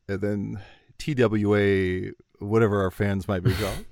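A man's voice: fairly low pitch, a little slow, no room sound, studio quality. A man hosting a casual comedy podcast, reading a listener's email aloud and joking about it. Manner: animated, reads listener email aloud with jokey asides. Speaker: podcast host.

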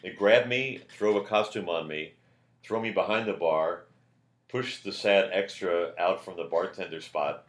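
Older man, very low voice, animated storyteller, echoey podcast room. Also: a little slow. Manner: animated storyteller, shouts quoted lines. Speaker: comedian guest. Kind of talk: casual anecdote telling.

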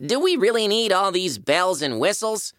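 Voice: medium pitch, very animated, normal speed, a bit bright, no room sound, studio quality. A voice actor playing a sensible, patient male tomato co-hosting a cartoon podcast, mildly exasperated by his friend. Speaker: co-host.

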